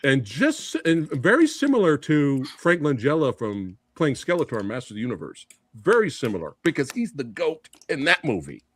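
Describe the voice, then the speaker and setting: A man's voice: fairly high pitch, huge pitch swings, normal speed, few pauses. A middle-aged man co-hosting a casual movie debate, laughing often and quoting lines. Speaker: podcast co-host.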